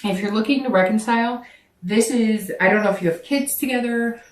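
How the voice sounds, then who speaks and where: A woman's voice: fairly high pitch, a little fast, distant mic. A woman giving a casual tarot reading to her viewers, rambling and correcting herself as she talks straight to them. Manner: rambling, self-correcting, speaks directly to viewers. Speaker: tarot reader. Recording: echoey room, voice away from the mic.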